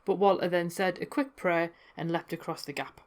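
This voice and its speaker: Woman, podcast host, lowish voice, chatty folklore storytelling with dry asides. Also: steady tone, moderate pace. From North East England.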